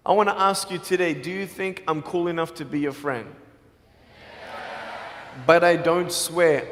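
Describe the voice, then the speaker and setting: A man speaks to a live audience in a large hall, and his voice rings out with a long echo. He tells his story with energy, acting out the people in it and moving between playful jokes and sincere appeals. His voice sits a little high for a man. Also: a bit bright. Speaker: motivational speaker. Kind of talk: motivational speech to a live audience.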